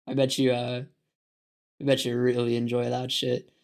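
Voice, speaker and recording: A man's voice: medium pitch, completely flat delivery, normal speed, vocal fry, darkish tone. A male streamer chatting casually on a live stream, profane and sarcastic. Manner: profane, sarcastic, mocks others in put-on voices.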